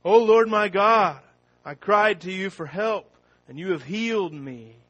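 A man preaching a sermon. He opens with a prayer, then reads scripture slowly and with rising force. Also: high-pitched, highs cut off. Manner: slow and deliberate, rising loud when reading scripture.

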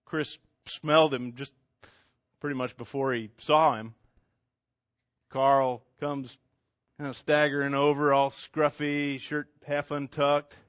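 A man's voice: medium pitch, level tone, takes it slowly, no echo. Conversational male storyteller, dry close sound. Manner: conversational, asides to listener. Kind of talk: oral storytelling.

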